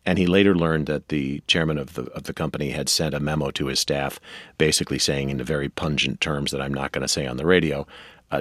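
A man as a radio interview guest, telling history in a measured, storytelling way. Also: rumbling low, no echo, studio quality.

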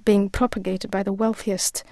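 A woman guest in a radio interview, speaking earnestly and in a measured way with frequent pauses. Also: medium pitch, level tone, vocal fry, a little mellow, dry recording. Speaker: author and guest.

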